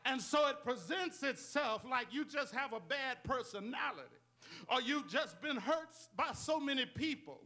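A man's voice: very high-pitched, animated, normal speed, pushed and bright. A male pastor preaching a sermon with call-and-response, repeated amens and rhetorical questions to the congregation.

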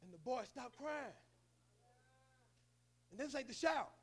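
A man's voice: very high-pitched, lively intonation, slow. A male preacher giving a sermon in a colloquial, storytelling manner.

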